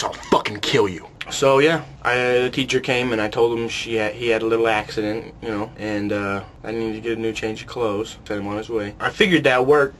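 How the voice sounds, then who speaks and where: A man's voice: mid-range voice, fairly bright tone, a little hiss or hum. Crude, boastful young man ranting to camera. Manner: crude, boastful, swears constantly; lazy slacker drawl with smug asides. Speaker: comedy vlogger in character. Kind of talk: comic character monologue to camera.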